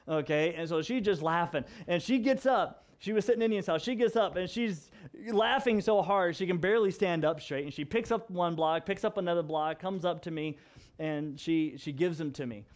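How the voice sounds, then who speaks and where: A young adult man, a pastor, telling stories in an animated sermon that moves from hushed to loud. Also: high voice, normal speed. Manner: animated storyteller, swings from hushed to loud and laughing. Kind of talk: storytelling sermon.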